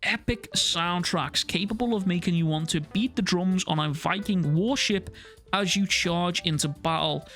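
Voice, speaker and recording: A man's voice: high-pitched, normal speed, fairly bright tone. Man narrating a game review. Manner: casual, profane asides. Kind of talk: scripted video essay narration.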